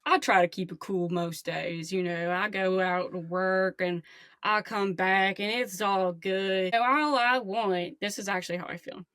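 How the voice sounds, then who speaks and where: A woman voicing a tired, laid-back man calling in to a sports radio show, talking in a calm, resigned drawl. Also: medium pitch, unhurried, dry recording, close to an everyday voice. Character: weary laid-back male radio caller.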